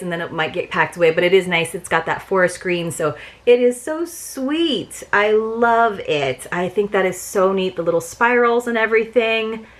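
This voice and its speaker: A woman's voice: mid-range voice, a bit bright. Gushing chatty woman unboxing. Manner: chatty and gushing, many fillers. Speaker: unboxing vlogger. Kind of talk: casual unboxing chat.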